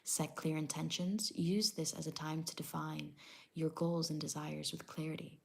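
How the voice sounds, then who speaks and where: Low gravelly-voiced woman reading tarot. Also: flat delivery, moderate pace, a little mellow, a little hiss or hum. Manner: hedging, repeats "I don't know" and "I'm getting that vibe"; reads definitions aloud from a tablet. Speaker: tarot reader.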